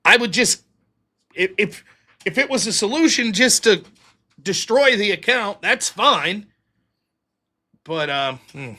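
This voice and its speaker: A man with a high, bright voice talks loosely on a livestream, sarcastic and quick to swear. He rambles between thoughts and reads out viewer donations. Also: animated. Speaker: show host. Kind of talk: livestream chat reading donations.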